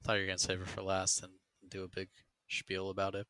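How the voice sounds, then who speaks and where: A man's voice: deep voice, completely flat delivery, fast, bright, forceful tone, dry recording. A young man hosting a casual podcast, easygoing and self-deprecating. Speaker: podcast host.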